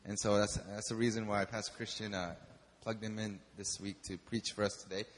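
A man's voice: fairly low pitch, little pitch movement, brisk. A man introducing the preacher at a church service, hesitant and searching for words. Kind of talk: casual introduction. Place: church hall. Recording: long hall reverb, faint noise.

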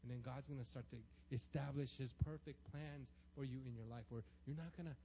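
A man's voice: medium pitch, steady tone, brisk, gravelly, warm tone, slight background noise. A man preaching a sermon, emphatic and acting out the prayers and voices he quotes. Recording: dull lo-fi sound.

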